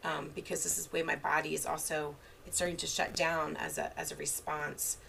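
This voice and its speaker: A woman's voice: low voice, level tone, brisk, vocal fry, pushed and bright, slight background noise. A woman therapist giving an unscripted online training in a casual way, full of fillers and restarts, with examples from her own parenting. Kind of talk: unscripted lecture.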